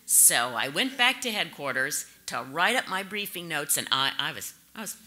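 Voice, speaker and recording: A woman's voice: sits low, big pitch swings, normal speed, bright, forceful tone. An American woman in her fifties from St. Louis, giving a direct, anecdotal conference speech. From St. Louis, USA. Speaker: conference speaker.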